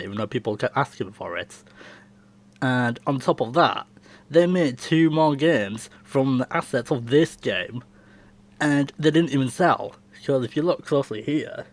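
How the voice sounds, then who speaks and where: A young man casually answering viewer questions on his channel, talking in a chatty, rambling way and often laughing. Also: medium pitch. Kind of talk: casual Q&A chat.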